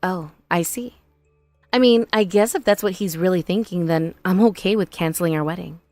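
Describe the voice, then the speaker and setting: A woman voicing a patient young bride in an animated story, calm, earnest and reasoning. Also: lowish voice, moderate pace, no room sound, faint music behind, lightly acted.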